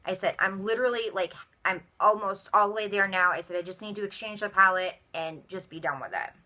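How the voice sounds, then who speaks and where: A young woman rants to the camera about a bad shopping experience. She has a bright, tense edge to her voice, and she switches in and out of quoted dialogue. She sits at a middling pitch and tells it all like a story. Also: fairly quick. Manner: animated, acts out both sides of dialogue. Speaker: vlogger. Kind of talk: storytelling rant.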